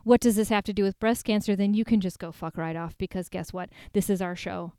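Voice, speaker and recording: A woman co-hosting a podcast in casual chat, going on profane, fast rants with self-mocking asides. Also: medium pitch, mellow, clean tone, no echo, studio quality. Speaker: podcast co-host.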